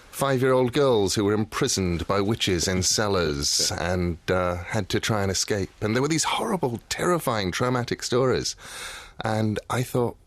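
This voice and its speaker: Dry-witted man, low voice. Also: no echo. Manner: dry, wry storytelling. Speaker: author, guest. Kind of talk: radio interview chat. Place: radio studio.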